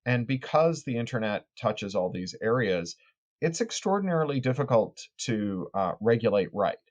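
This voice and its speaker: A man's voice: medium pitch, very animated, normal speed, lo-fi sound. A man, an author and tech critic, answering podcast interview questions in long, articulate explanations with frequent small restarts.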